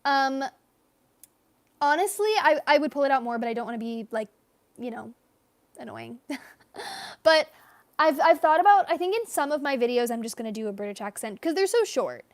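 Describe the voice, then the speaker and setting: A young woman livestreams herself drawing, chatting casually with viewers, rambling, and reading comments aloud. Her high voice is animated, her pace moderate with long pauses, and the recording is dry.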